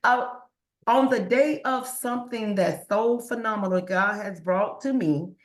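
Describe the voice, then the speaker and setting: A woman's voice: medium pitch, a little slow, reverberant. A woman guest on a podcast who speaks earnestly about faith and often repeats words when she is moved. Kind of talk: emotional interview talk.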